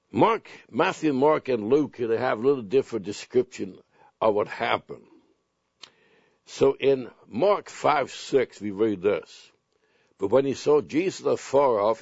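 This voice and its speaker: Man, preacher, sermon, deliberate scripture reading, dry close sound. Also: medium pitch, a little mellow, no echo. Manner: storytelling, reads scripture slowly and deliberately. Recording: dull lo-fi sound.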